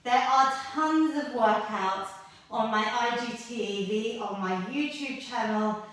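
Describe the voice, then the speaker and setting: A woman's voice: on the high side, takes it slowly, fairly bright tone. A woman fitness instructor coaching a workout from the mat, encouraging and out of breath as she exercises along. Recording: echoey room, voice from far off mic.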